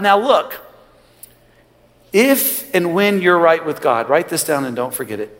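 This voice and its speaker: A male pastor preaching a sermon, swinging from loud rising lines to quiet low ones. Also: expressive, measured pace. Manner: preaching with sudden loud rises and quiet drops. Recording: long hall reverb.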